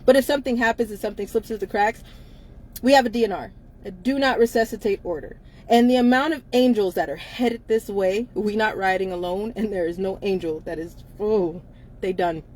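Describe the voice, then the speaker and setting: A woman's voice: medium pitch, fairly quick, darkish tone. A woman co-hosting a casual live-stream chat from inside a car, blunt and emphatic, laughing often between her lines.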